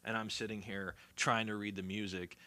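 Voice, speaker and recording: A man's voice: fairly low pitch, flat delivery, moderate pace, pushed and bright. A man who is a guest musician, talking in a casual podcast conversation and telling stories in a reflective way. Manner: reflective, storytelling.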